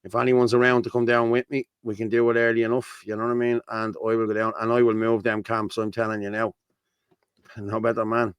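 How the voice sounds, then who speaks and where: A man's voice: fairly low pitch, completely flat delivery, a little fast, clear, resonant tone, dry recording. A man with a Dublin accent hosting a casual livestream, talking bluntly and reading out viewer comments. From Ireland. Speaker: host.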